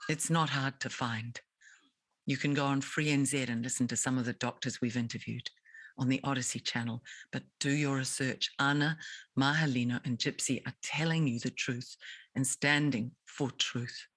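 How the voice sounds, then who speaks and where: A woman's voice: very deep voice, fairly even intonation, moderate pace, a bit bright, no echo, rough recording. A woman interviewing a guest, speaking in an indignant, emphatic and rhetorical way. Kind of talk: impassioned advocacy interview.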